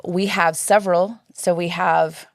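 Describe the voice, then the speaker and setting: Animated woman storyteller with a low pitch and a dry studio sound. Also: measured pace, vocal fry, dry recording. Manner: lively storyteller, acts out quoted voices. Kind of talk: casual interview chat.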